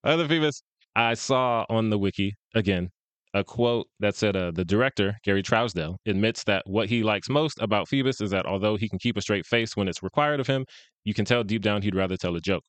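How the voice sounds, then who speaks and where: A man's voice: on the low side, a little fast, smooth, dry recording. A man co-hosting a podcast, chatting casually about fan casting and laughing often. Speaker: podcast co-host.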